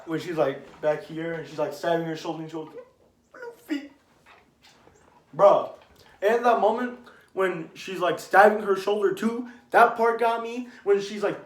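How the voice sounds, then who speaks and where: Rambling young man in an echoey room. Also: a little high. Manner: rambling, restarts, grows excited and loud. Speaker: anime commentator. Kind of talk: casual ranking chat.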